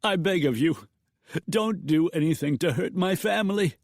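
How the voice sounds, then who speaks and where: A man's voice: mid-range voice, animated, unhurried, darkish tone, no room sound, clean studio sound, voice pushed up, lightly acted. A man voicing a cowed, frightened banker who pleads nervously. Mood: pleading.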